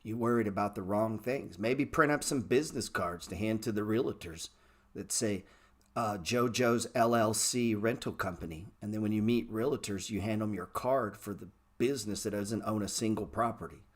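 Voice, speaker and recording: A middle-aged man with a somewhat low voice hosts a casual trading livestream. He talks bluntly and swears freely, lecturing the viewers who write in. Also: normal speed. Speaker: trading show host answering viewer chat.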